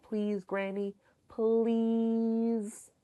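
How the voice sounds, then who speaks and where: A man doing a pleading excited little girl. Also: very high-pitched, drawn-out words, clear, resonant tone, pitched above the performer's own voice, heavily acted. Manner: pleading, sing-song. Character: restless excited little girl begging her granny.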